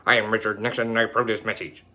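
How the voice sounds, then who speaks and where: A man's voice: on the low side, little pitch movement, very fast, pushed and bright, pitched below the performer's own voice. A man voicing an older male politician who repeats grand campaign promises in a rhetorical way. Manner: rhetorical, repetitive slogan-making.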